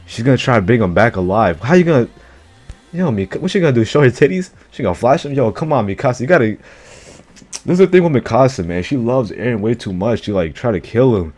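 A man's voice: mid-range voice, expressive, quick pace, darkish tone, faint music behind. A man casually reacting to an anime chapter, slangy and profane, who keeps blurting out exclamations.

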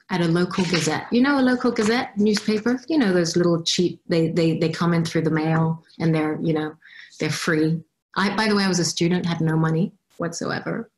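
A woman's voice: fairly low pitch, a little mellow. A woman giving a personal storytelling talk as a guest speaker, reflective and acting out her past reactions. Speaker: guest speaker at a youth summit.

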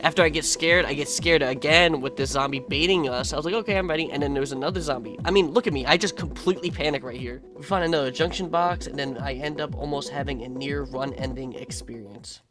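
A man's voice: fairly high pitch, brisk, hardly any pauses, over music. A man giving a casual, laid-back voice-over of his own gameplay, swearing freely and adding sarcastic asides. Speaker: gaming video creator.

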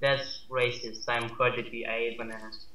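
Bright-voiced joking young gamer man. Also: medium pitch, flat delivery, moderate pace. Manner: dry, joking banter. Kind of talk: casual gameplay commentary. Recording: echoey room.

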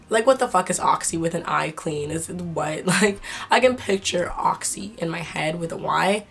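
Excitable young woman vlogger with a sore throat. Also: on the low side, gravelly. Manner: excitable, swearing, laughing, incredulous. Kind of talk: casual chat to camera.

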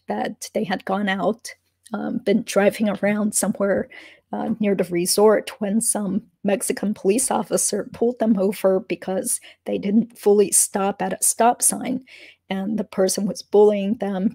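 Hoarse, gravelly-voiced woman lawyer. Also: mid-range voice, mellow, no echo, clean studio sound. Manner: conversational, many fillers and asides. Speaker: lawyer and legal commentator. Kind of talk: casual legal commentary vlog.

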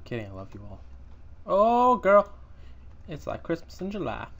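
Gravelly, animated young gamer guy. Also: medium pitch, racing. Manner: excitable, swearing, joking asides to viewers. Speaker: gaming YouTuber. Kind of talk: casual gameplay commentary.

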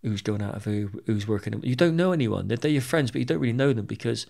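Middle-aged man, gravelly voice, frank storytelling, swears, stumbles over repeated words. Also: medium pitch, expressive, fast, darkish tone. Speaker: podcast guest. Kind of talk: candid storytelling interview.

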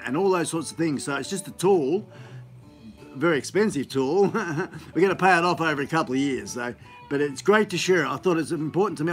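A man's voice: on the high side, fairly bright tone. A man hosts a casual live stream, rambling in an upbeat, chatty way with many fillers, recorded on a phone on a gimbal.

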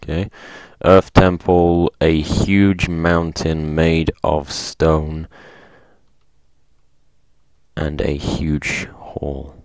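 A man hosting casual gameplay commentary, excitable, reading in-game signs aloud and laughing often. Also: a bass voice, drawn-out words, no room sound. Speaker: gaming video host.

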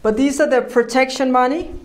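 A woman's voice: sits high, steady tone, fairly quick. A woman preaching an informal sermon, earnest and conversational, laughing often as she teaches. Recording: roomy echo.

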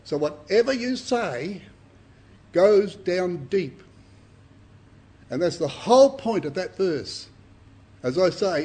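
A man's voice: sits high, a little mellow, husky. An older man, giving an earnest, emphatic Bible sermon to a congregation and often repeating his words. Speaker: Bible speaker.

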